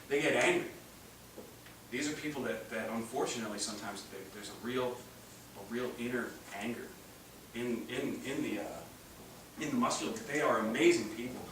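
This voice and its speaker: Male seminar speaker, animated and joking, far from the mic in a very echoey room with noise. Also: mid-range voice. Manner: animated, joking, acts out voices with laughs. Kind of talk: live seminar talk. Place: large room with live audience.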